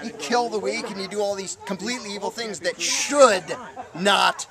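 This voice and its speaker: Man debating hard outdoors; high, pushy voice over crowd chatter. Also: normal speed. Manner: insistent, challenging.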